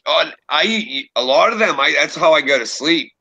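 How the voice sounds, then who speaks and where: A man's voice: on the high side, animated, moderate pace, vocal fry, sharp tone, muffled recording. A young man streaming from home, chatting casually, rambling and profane, often laughing at himself. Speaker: streamer and creepypasta narrator. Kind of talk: casual livestream chat. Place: home room.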